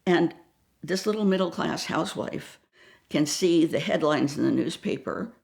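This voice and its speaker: Gravelly older woman telling a dramatic story. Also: sits low, lively intonation, normal speed, a little mellow. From New York area. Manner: dramatic, acts out voices, drops to whispers. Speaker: guest storyteller. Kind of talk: animated anecdote telling.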